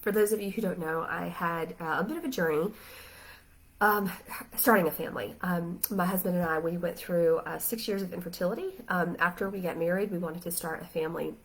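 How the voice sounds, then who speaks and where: Tearful woman talking softly on a live stream. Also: fairly low pitch, steady tone, slightly rough, poor audio. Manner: tearful, halting, many fillers. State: just finished crying, emotional. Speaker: Christian life coach. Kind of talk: casual live video talk. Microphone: phone or laptop live stream.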